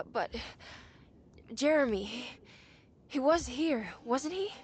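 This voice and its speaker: An anxious young woman in a horror game, her high voice urgent and tense. Her pitch jumps around widely as she calls out, and game music sits clearly behind her. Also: lively intonation, very slow, exaggerated voice. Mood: uneasy. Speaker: game protagonist.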